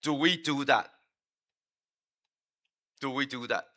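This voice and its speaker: A man's voice: mid-range voice, takes it slowly, sharp tone. A man preaching a sermon in a church, emphatic and full of rhetorical questions, with frequent fillers and restarts.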